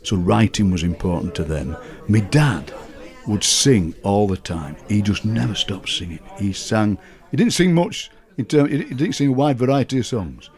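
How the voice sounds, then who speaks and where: A man with a Barnsley Yorkshire accent, a writer and broadcaster telling lively family stories in a casual interview. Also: on the low side, normal speed. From Yorkshire, England. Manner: lively storyteller, laughing and putting on relatives' voices.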